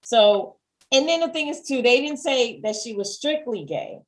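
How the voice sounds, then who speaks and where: A woman co-hosting a casual TV review, chatty and quick to agree, with fast asides. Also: on the high side, animated. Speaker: podcast co-host.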